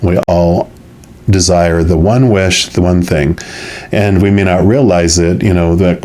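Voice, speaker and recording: A man giving a weekly tarot reading to viewers, musing in a soft, loose way with lots of filler phrases. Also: low-pitched, steady tone, measured pace. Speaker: tarot reader.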